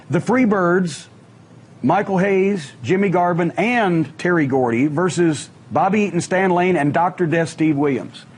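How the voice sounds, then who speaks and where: A middle-aged man telling wrestling stories in casual talk, profane and animated, acting out the quotes. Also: on the high side, slight background noise. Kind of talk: casual storytelling on a podcast.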